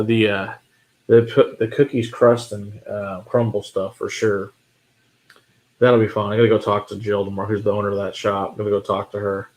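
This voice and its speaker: A low-voiced man hosts a late-night whiskey livestream in a loose, chatty way. He answers viewer comments as they come in, laughs easily and keeps returning to how funny things are. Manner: chatty, laughs often, amused.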